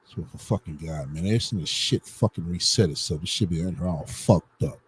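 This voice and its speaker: A man's voice: low voice, fairly quick, a little hiss or hum, rough recording. A man, live-streaming and talking to his viewers while he fights with his setup, muttering, swearing and asking them to bear with him.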